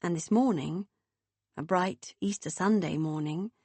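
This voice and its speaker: A woman narrating an audiobook in a measured, expressive reading. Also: lowish voice, husky, no echo.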